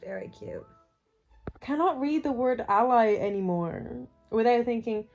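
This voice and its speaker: A woman's voice: a little high, big pitch swings, normal speed, darkish tone. A young woman chatting casually on a reading vlog, rambling with lots of "like" fillers and restarts. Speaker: book vlogger. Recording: slightly dull lo-fi sound with faint music. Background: faint background music.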